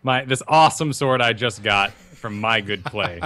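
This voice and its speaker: A man co-hosting a gaming podcast in a low voice with a bright, forceful edge. He walks through strategy methodically and tosses in wry little asides. The delivery stays casual and chatty. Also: normal speed. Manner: breaks topics down step by step, wry asides. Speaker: podcast co-host.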